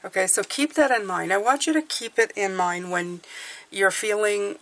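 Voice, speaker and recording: A woman's voice: mid-range voice, moderate pace, a bit bright. A middle-aged woman giving a casual, reassuring tarot reading, chatty, with many fillers and restarts. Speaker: tarot reader.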